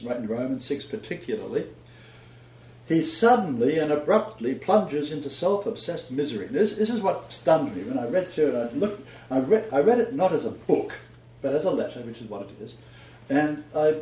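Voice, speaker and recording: Medium-pitched and warm, this man teaches the Bible in a chatty lecture style, laughing at his own jokes and asides. The sound is a dull, echoey room recording.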